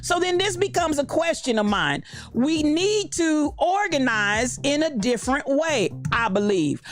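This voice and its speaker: A woman from Kansas City, USA, hosts a podcast livestream in a high voice with lively intonation, speaking a little slowly over soft background music. She talks passionately and somewhat preachily about current events, greeting and talking back to people in the live chat.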